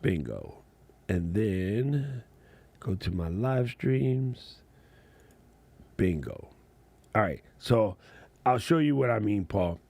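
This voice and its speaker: A man's voice: on the low side, expressive, slow, vocal fry, darkish tone. A man hosting a casual livestream chat as a content creator, laid-back and slangy, laughing often.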